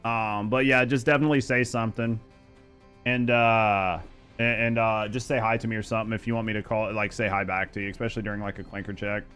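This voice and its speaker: Young male game streamer, smooth and clear, crude joking banter with chat. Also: on the low side, flat delivery, fast talker, a bit bright, faint music behind. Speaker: streamer and gaming host. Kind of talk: casual live-stream chat.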